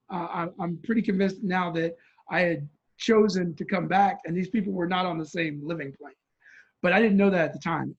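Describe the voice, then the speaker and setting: A man's voice: sits high, husky, highs cut off. A man telling a vivid story as an interview guest, acting out the voices of people in it.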